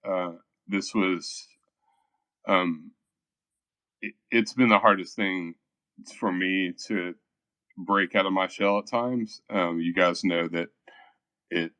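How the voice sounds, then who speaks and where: A shy, soft-spoken man who hesitates often and fills pauses with ums as he thanks the people around him in voice chat. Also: low-pitched, steady tone, no room sound. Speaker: featured artist. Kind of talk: casual voice-chat talk.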